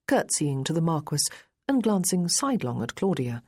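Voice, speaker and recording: A woman narrating a period romance novel in a measured, even storytelling manner. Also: sits low, husky. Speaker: audiobook narrator.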